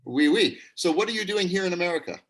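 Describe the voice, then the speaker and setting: A man, an acting teacher, hosting a live improv show over a video call, upbeat and quick, laughing often. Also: high-pitched, animated, fairly bright tone.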